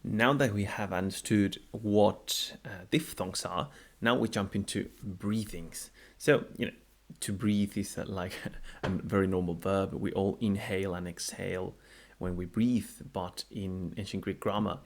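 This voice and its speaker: Gravelly low-voiced man teaching pronunciation. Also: fairly even intonation. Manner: unhurried, repeats words slowly to model pronunciation. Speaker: language teacher. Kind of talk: explanatory video lesson.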